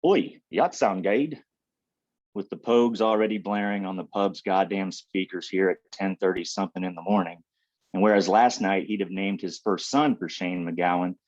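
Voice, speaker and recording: A man from Ohio reading his own poems on a video call, in a dry, unhurried voice. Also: low-pitched, no room sound, lo-fi sound. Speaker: poet reading. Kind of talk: poetry reading.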